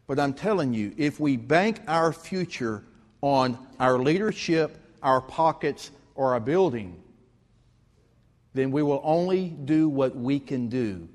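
A man's voice: mid-range voice, lively intonation, slow pace, long reverb tail. A man, preaching a sermon as pastor, telling stories with rising emphasis. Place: church sanctuary.

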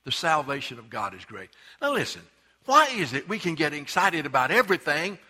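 Emphatic preacher, bright voice. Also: male voice, on the high side, very animated, a little fast, slightly rough. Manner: emphatic, repeats words for stress, swings between loud and hushed. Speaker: pastor. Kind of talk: sermon.

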